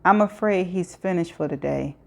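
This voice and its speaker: A woman voicing a brisk, businesslike female receptionist. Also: on the low side, gravelly, darkish tone.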